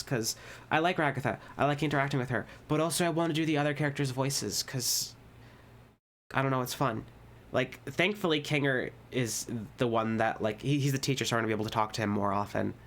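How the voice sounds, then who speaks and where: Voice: mid-range voice, a bit bright. A person reading a fan dating sim aloud and rambling casually between scenes, with frequent restarts. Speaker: game reader.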